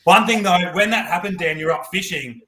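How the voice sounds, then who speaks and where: Bright-voiced, animated Australian man. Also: sits high, brisk. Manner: animated storyteller, swears. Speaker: property coach. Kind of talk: casual live Q&A chat.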